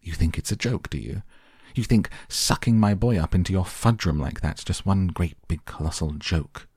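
A man voicing a shrill, furious middle-aged mother who shrieks in indignation. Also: normal speed, darkish tone, slightly rough, no echo, studio quality.

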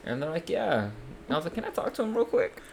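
A man's voice: fairly high pitch, sing-song, fast, creaky, a little mellow, slight background noise. A man telling a story in casual chat, swearing often and laughing between his lines.

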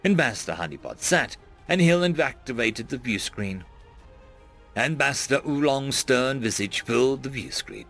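Guy reading a sci-fi story aloud, animated swings in his voice, faint music behind. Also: medium pitch, moderate pace. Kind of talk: audiobook-style story narration.

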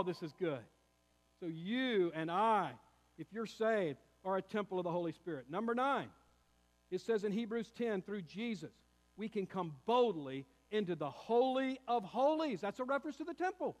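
A man's voice: very high-pitched, big-room sound. A man preaching a sermon as pastor, building emphasis and calling his listeners beloved.

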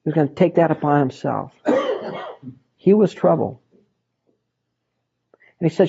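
A man leads a Bible study with a raised but mellow voice, hammering his points home through repetition. The recording sounds dull and lo-fi. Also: fairly high pitch, expressive, unhurried, creaky, pauses often, breathy edge. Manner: emphatic, repeats words for stress.

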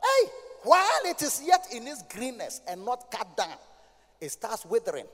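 A Ghanaian man preaching a sermon as pastor, moving between low talk and loud sing-song shouts. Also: huge pitch swings, moderate pace, soft background music. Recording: hall reverb.

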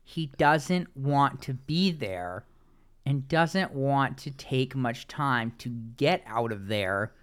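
A man speaks slowly and sarcastically in a smooth, clear voice. He talks casually on a podcast and often restarts his sentences. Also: mid-range voice, animated, fairly bright tone. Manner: unhurried, sarcastic, halting restarts. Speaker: podcast co-host. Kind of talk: casual podcast recap chat.

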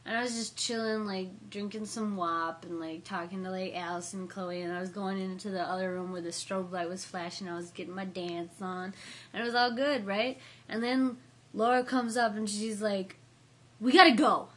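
A young woman telling a party story in casual chat, animated, with slangy, profane talk. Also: mid-range voice, normal speed.

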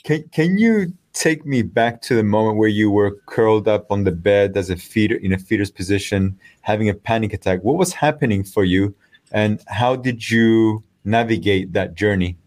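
A man hosts a podcast with a low voice in a dry room. He asks his questions gently and at a measured pace. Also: lively intonation, dry recording. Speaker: podcast host. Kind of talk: interviewing.

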